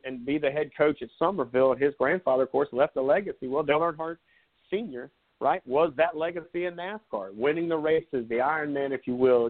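A man in his forties from South Carolina, a sports talk host telling rambling, sarcastic stories in casual live chat. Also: fairly high pitch. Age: 40s. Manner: rambling storyteller, laid-back and sarcastic. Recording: tinny phone-like line.

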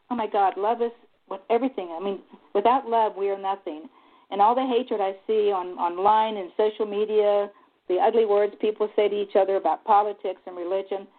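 A woman guest on a talk radio interview, speaking in an earnest, heartfelt and openly emotional way. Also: mid-range voice. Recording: tinny phone line.

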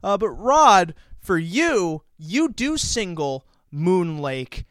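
Lively high-voiced joking male host. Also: takes it slowly, dry recording, studio quality. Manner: jokey, wordy asides. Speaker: podcast host. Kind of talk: casual handicapping chat.

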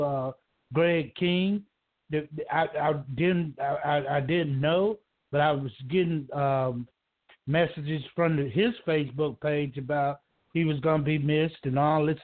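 Male caller, halting and rambling, pitched a bit high, heard over a thin phone line. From Georgia, US. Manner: rambling, halting, many restarts. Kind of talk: emotional call-in talk. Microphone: telephone.

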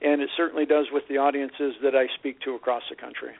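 A man from Canada, a guest author explaining personal finance clearly on a radio show. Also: mid-range voice, flat delivery, fast, slight background noise. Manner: articulate, explanatory. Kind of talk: radio interview. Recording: tinny phone-like radio audio.

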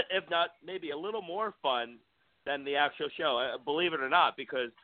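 Easygoing chef co-host: mid-pitched man grumbling casually, dry close sound through a phone-like band. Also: expressive, moderate pace, no room sound. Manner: laid-back, grumbling, swears casually. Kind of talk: casual chat.

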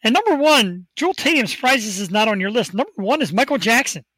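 A man with a high, bright voice hosting a podcast and chatting in a loose, enthusiastic way. He rambles happily from one topic to the next. The microphone is close and the sound is dry, with no room echo. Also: big pitch swings, fast talker. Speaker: host. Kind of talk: casual podcast chat. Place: home studio. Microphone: desk microphone.

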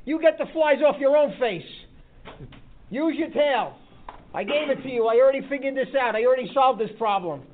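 A man's voice: extremely high pitch, moderate pace, pitched above the performer's own voice. A man voicing God as a patient, fatherly deity who teasingly explains things, in a story told to a group. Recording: tinny phone-like sound.

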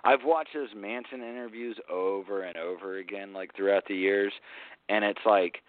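A man's voice: on the low side, normal speed, no room sound, narrow, tinny audio. A man co-hosting a podcast, talking in a profane, rambling way and laughing often. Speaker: podcast co-host. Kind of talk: casual crude chat.

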